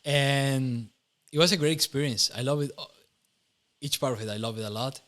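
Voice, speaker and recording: A young Costa Rican man with a Costa Rican Spanish accent shares his personal testimony in an interview, speaking at normal speed in a mid-range, slightly bright voice. He's earnest, laughs often, and corrects himself mid-sentence.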